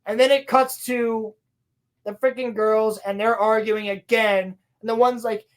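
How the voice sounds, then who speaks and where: A woman on a podcast, casually recapping a show with sarcasm and a lot of swearing, slipping into quick playful voices for quoted lines. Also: a little high, fairly even intonation. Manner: sarcastic, profane, mocking. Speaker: podcast co-host reviewing a TV show. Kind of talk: casual chat.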